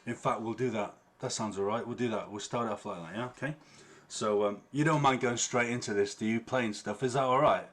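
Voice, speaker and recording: A man teaching harmonica in an online workshop, chatty and relaxed, checking in with the class with a frequent "yeah?" as he explains. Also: medium pitch, a little fast. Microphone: online stream with latency. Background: guitar playing.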